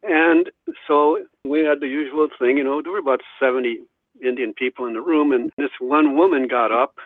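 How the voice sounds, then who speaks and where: A man's voice: mid-range voice, normal speed, dry recording. Male guest historian, anecdotal storyteller, phone-line sound. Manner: anecdotal, acts out quoted voices. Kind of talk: storytelling in an interview. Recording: dry tinny phone line.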